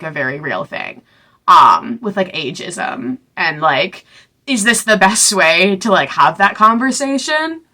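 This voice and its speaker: A woman's voice: lowish voice, pushed and bright. A young woman casually recapping a novel she read, rambling with lots of fillers and sarcastic asides. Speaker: book reviewer.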